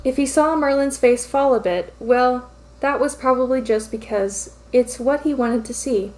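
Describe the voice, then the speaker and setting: A woman reads fan fiction aloud as narrator. She speaks in a fairly high voice with an even, steady storytelling delivery. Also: normal speed.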